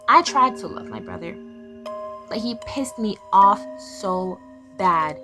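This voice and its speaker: A woman's voice: mid-range voice, takes it slowly. Young woman, confessional vlogger, raw and blunt, medium voice, music bed behind. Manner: emotional, blunt, swearing, swings between raw and flat. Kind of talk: personal confessional storytelling.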